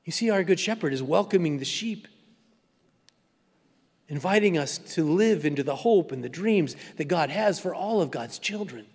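High-voiced pastor preaching in a reverberant church. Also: male voice, expressive, normal speed, breathy edge. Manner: repetitive preaching cadence, sinks to hushed, near-whispered close. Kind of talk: sermon. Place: church sanctuary.

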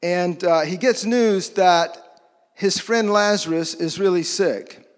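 Man, preacher, sermon, slow, conversational, asks questions, church hall reverb. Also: high-pitched.

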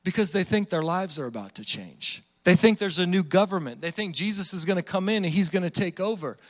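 A pastor preaches a sermon, telling the story in an animated way and acting out the voices of the people in it. His voice is high and fairly quick, and the recording has long hall reverb.

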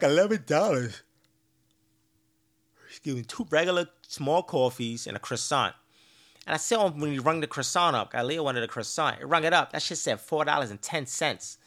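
Casual podcast guy, fairly high voice, petty and exasperated, cussing through his stories. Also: moderate pace. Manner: profane, animated storytelling. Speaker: podcast host. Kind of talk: casual ranting monologue.

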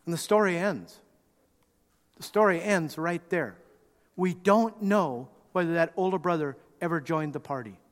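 A man preaching a sermon, telling the story in an animated way and acting out the quotes. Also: on the high side. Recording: reverberant hall.

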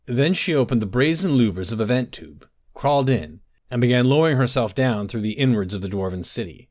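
A man narrating a fantasy story in an expressive storytelling manner. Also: medium pitch, a little fast, hardly any pauses. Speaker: audiobook narrator. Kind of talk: scripted narration.

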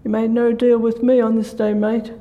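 A man's voice: very high voice, monotone, normal speed, muffled recording. An older woman as a stern father. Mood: firm. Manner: firm, definite. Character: stern father laying down the law.

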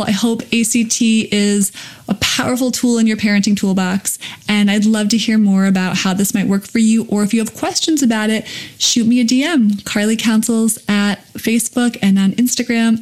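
A woman's voice: mid-range voice, a little mellow. A woman hosting a parenting podcast as a play therapist, explaining step by step and acting out what a parent should say. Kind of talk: podcast teaching.

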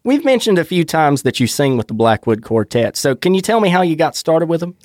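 A man with a Southern US accent hosting a podcast, asking questions in a playful, animated way. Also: fairly high pitch, a little fast, no room sound, studio quality. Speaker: podcast host. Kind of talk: casual interview.

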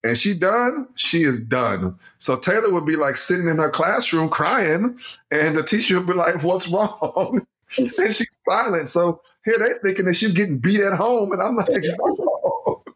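Middle-aged dad co-host, lively storyteller, laughs easily, chatty podcast register. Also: male voice, sits high, normal speed. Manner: animated storytelling, laughs often, addresses listeners as y'all. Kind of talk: casual family podcast chat.

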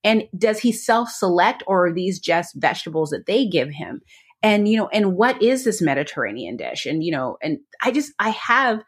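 A woman's voice: lowish voice, big pitch swings, normal speed, breathy edge. A woman co-hosting a podcast in casual chat, talking eagerly and rambling with lots of fillers. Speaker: podcast co-host.

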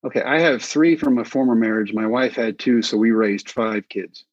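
Husky middle-aged man telling stories. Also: medium pitch, normal speed, dry recording. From Texas. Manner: animated anecdotes, acts out quoted voices. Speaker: interview guest, former pitcher. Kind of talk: casual storytelling. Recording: slightly dull dry sound.

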